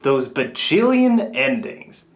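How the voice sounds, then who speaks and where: A man giving a comedic film review in the style of a famous critic, ranting and sarcastic, breaking into sudden high yells. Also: sing-song, slow, gravelly. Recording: echoey room with faint music.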